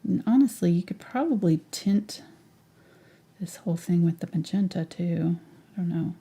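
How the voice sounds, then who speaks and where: Husky, low-voiced woman teaching painting. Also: moderate pace, mellow. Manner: chatty, thinks aloud, drops into whispers to herself. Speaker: painting instructor. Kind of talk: live painting tutorial.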